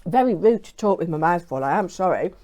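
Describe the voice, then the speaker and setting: British woman, casual vlog host, chirpy and chatty, very animated pitch. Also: fairly quick. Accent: British English. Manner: chatty, bubbly, talking while eating. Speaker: craft channel host. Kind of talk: casual chat to camera.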